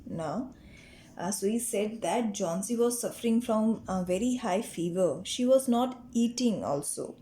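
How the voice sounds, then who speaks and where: A woman's voice: mid-range voice, animated, a little slow, mellow, slight background noise. A woman teacher explains a story to her class, defining words and repeating each point patiently. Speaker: English teacher. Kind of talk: explaining a textbook lesson.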